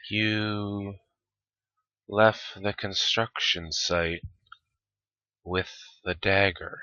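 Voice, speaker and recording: A man playing a tabletop game, speaking his character's accusations in a slow, halting way. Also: fairly low pitch, fairly even intonation, pushed and bright, clean tone, dry recording, lo-fi sound. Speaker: player. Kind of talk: in-character tabletop role-play.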